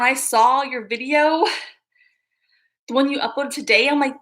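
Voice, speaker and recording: Speaking a little slowly in a high-pitched, slightly bright voice, a woman runs a casual livestream. She addresses viewers directly in hyper, self-amused live chat, regularly breaking into laughter at herself.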